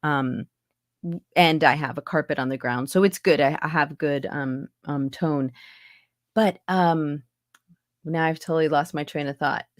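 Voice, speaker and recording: A woman who works as an accent and dialect coach and voice actor chats casually in an interview from her home recording booth, explaining things with lots of asides. Her voice sits low and is a little slow, on a dry, studio-quality recording.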